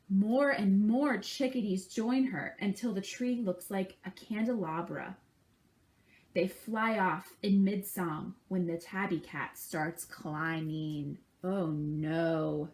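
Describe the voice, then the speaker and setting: A woman reading a picture book aloud to children at a library, stopping to chat and imitate bird calls with them. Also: mid-range voice. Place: library program.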